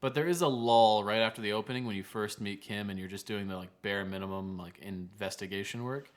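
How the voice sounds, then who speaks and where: A man's voice: fairly low pitch, bright, forceful tone. A man co-hosting a casual podcast chat, talking eagerly and leaning on filler words. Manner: enthusiastic, many "like" fillers. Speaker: podcast co-host.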